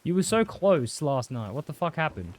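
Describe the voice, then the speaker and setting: A man's voice: on the high side, very animated, moderate pace, a little mellow. A young Australian man chatting casually and rambling while he streams a game, swearing freely and answering chat. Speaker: livestreamer.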